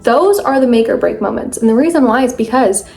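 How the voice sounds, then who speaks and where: A young woman giving an earnest, emphatic motivational talk to camera in a casual vlog, quick and full of fillers. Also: fairly high pitch, expressive, creaky, a little mellow, soft background music. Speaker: mindset vlogger.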